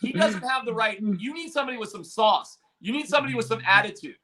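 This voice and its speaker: A man's voice: high voice, animated, fast, sharp tone. A male sports radio host arguing his opinions emphatically, repeating points for emphasis. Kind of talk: sports talk radio debate.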